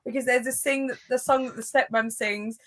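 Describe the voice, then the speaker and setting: A woman telling stories in a casual chat with friends over a video call, animated and laughing often. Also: a little high, fairly quick.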